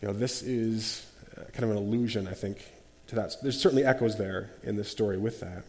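A man leading a group Bible study, animated, acting out quotes and often restarting his sentences. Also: on the low side, fairly quick, long reverb tail.

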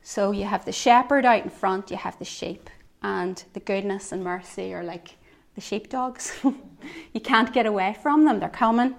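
A woman giving a devotional sermon, earnest, swinging between soft reflective lines and emphatic ones. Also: mid-range voice, moderate pace, gravelly. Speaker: preacher.

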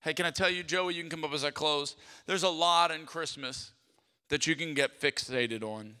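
A man preaching a sermon as a pastor, telling stories with lively, acted-out voices. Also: on the high side, moderate pace, smooth, big-room sound. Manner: animated storytelling, acts out quoted voices. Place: church sanctuary.

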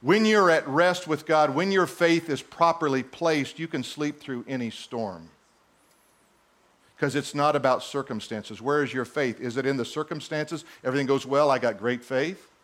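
A middle-aged male pastor preaching a sermon in a church, animated and teasing his congregation. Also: mid-range voice, moderate pace.

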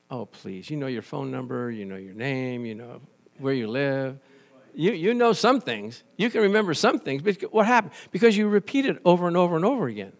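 A man with a slightly high-pitched voice delivers a sermon. He preaches in a conversational, animated way, weaving in stories and often restarting his sentences. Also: moderate pace. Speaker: pastor.

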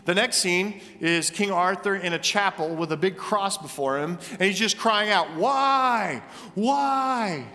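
Animated preacher man in a reverberant church. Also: sits high, normal speed, few pauses, soft background music. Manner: animated storytelling, emphatic repetition. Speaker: pastor. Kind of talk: sermon. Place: church sanctuary.

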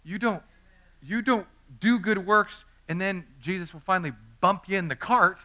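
Animated high-voiced preacher. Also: male voice, moderate pace. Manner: animated storytelling, swinging from loud to hushed; acts out quoted voices. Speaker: pastor. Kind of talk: sermon.

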